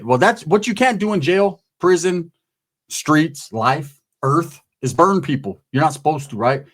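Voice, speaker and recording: A man with a slightly raised pitch spins a long, rambling story in loose street talk, heavy with swearing. He keeps turning to the listener and slips into the voices of the people he is describing. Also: expressive, measured pace. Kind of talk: casual profane storytelling.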